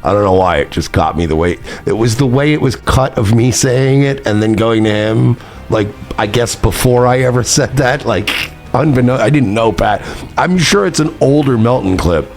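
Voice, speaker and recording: A man's voice: medium pitch, normal speed, darkish tone, soft background music. A man streamer delivering heated, profane, repetitive commentary, ranting and reacting to clips. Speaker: streamer host.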